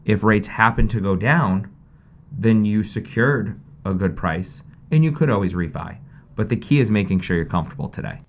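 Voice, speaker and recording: A man co-hosting a casual podcast, relaxed as he gives practical advice and brief agreeing replies. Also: on the low side, moderate pace. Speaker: podcast co-host, realtor.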